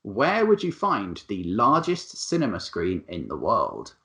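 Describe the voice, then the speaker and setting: A man's voice: lowish voice, huge pitch swings, a little slow, sharp tone. A man hosting a casual online quiz among friends, chatty as he reads out questions and scores. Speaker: quiz host.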